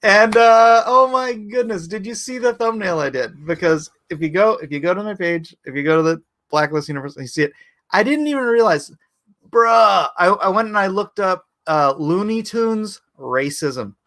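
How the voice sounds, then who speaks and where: A man's voice: sits high, animated, moderate pace, fairly bright tone. A man hosting a live stream, chatting casually and rambling, who jokes and slips into goofy cartoon impressions. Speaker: host.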